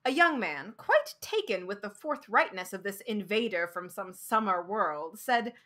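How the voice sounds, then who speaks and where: A woman reading a short story aloud as a storyteller and streamer, expressive, with dramatic pauses. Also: medium pitch.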